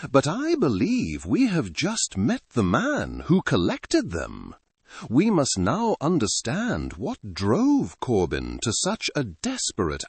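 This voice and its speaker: A man's voice: mid-range voice, breathy edge, no echo, exaggerated voice. A man voicing a cool-headed male detective in an audiobook reading, giving clipped, deductive pronouncements.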